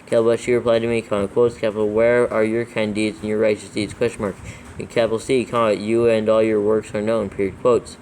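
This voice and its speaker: Low flat-voiced man dictating scripture. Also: fast talker, slight background noise, low-quality recording. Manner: flat, steady reading that spells out punctuation and letters. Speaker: scripture reader in a proofreading session. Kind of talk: dictating text aloud with punctuation.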